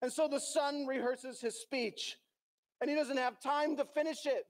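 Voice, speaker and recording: High-voiced pastor telling a story. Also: male voice, fairly even intonation, moderate pace. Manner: dramatic storytelling, acting out the characters' lines. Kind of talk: sermon. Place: church.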